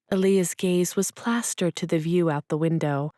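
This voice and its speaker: A woman reading a romance audiobook as narrator, telling it in a measured, gentle way. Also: fairly low pitch, steady tone, no room sound, studio quality. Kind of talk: scripted narration.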